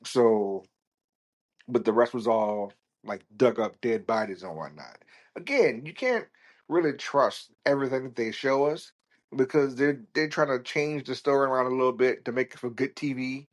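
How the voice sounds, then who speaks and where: A man's voice: mid-range voice, moderate pace. A man hosting a solo podcast, talking casually in a rambling, blunt and foul-mouthed way. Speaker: podcast host.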